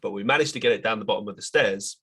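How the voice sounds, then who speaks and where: Husky-voiced man telling a story. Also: fairly low pitch, racing. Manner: animated retelling, quoting others in raised voices. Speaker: podcast host. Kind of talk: casual storytelling monologue.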